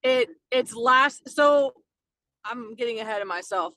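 A woman's voice: fairly high pitch, measured pace, pushed and bright, no echo, rough recording. A woman co-hosting a podcast, casually explaining a space fact in a chatty way with fillers. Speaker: podcast co-host. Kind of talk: casual chat, explaining a segment.

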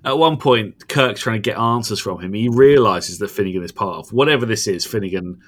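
A man co-hosting a podcast, recounting an episode in casual chat with animated, emphatic delivery and frequent restarts. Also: on the low side, brisk. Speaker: podcast co-host.

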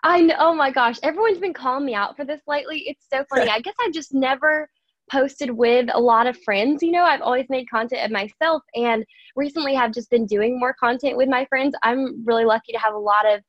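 A woman's voice: sits high, a little fast, no echo, highs cut off. A young woman with a Southern American accent, chatting as an interview guest in a bubbly, giggly way. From USA. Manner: bubbly, giggly, says "y'all". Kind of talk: casual interview chat.

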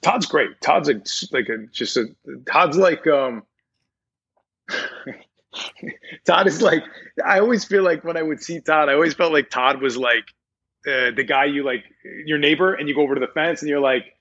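Laid-back slightly husky man. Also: fairly high pitch, normal speed, a bit bright. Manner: laid-back, rambling, laughs easily. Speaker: voice actor guest. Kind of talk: casual interview chat. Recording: dull lo-fi sound.

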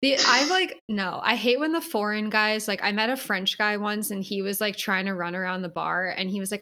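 A woman's voice: medium pitch, brisk, few pauses, pushed and bright. Blunt young woman chatting. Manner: blunt, swears, reacts with laughter. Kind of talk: casual chat.

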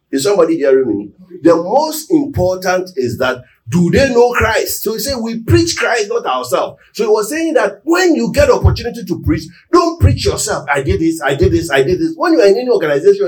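A man preaching a sermon, often asking the congregation whether they are with him and building to loud, emphatic peaks. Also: a little high, a little hiss or hum. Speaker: pastor. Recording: echoey room, mic at a distance.

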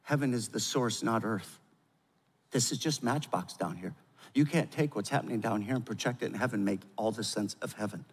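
An older man preaching a sermon as pastor, with emphatic delivery that swings from loud urgency to quiet gravity. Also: on the low side, normal speed, breathy edge. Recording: long hall reverb.

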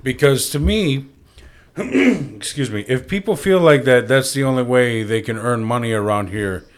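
A man's voice: mid-range voice, lively intonation, unhurried. A man hosting a podcast, asking a guest a long question in a searching, hesitant way full of fillers. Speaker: podcast host. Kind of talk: casual podcast interview.

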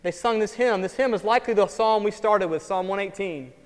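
A man preaching a sermon as pastor, swinging between loud emphatic lines and quiet, wry asides. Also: high voice, fairly quick. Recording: long hall reverb.

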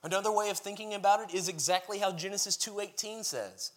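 A man's voice: high-pitched, quick pace, few pauses. A man preaching a sermon, reading scripture aloud and then explaining it in an earnest, emphatic way, building his points as lists.

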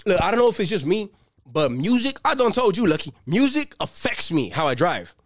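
A young male comedian works through a profane, streetwise stand-up set. His voice sits high for a man and swings widely in pitch. He breaks into shouted bursts, and the sound is dry and close. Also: very animated, a little fast, no room sound. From Los Angeles. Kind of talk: stand-up routine.

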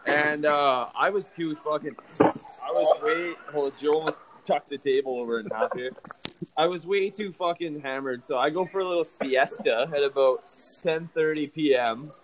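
A man's voice: fairly high pitch, moderate pace, noisy background. A young man co-hosting a podcast, telling a party story in brash, boastful, profane casual chat.

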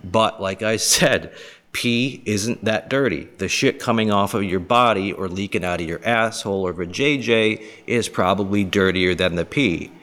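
A man from the area hosting a podcast, rambling through crude, jokey topics with quick mocking voices. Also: on the low side, fairly bright tone. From Boston area, US. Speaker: podcast host. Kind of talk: casual monologue.

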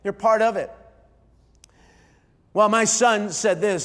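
A middle-aged man, a pastor, preaching an emotional sermon, often halting and repeating his starts. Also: high-pitched, a bit bright, in a large hall. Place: large church hall.

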